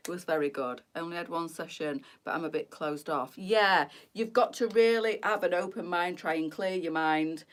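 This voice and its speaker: A bubbly, chatty middle-aged woman hosts a casual live stream. She talks with easy warmth and breaks into laughter often. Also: medium pitch, expressive, brisk. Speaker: boutique live-stream host.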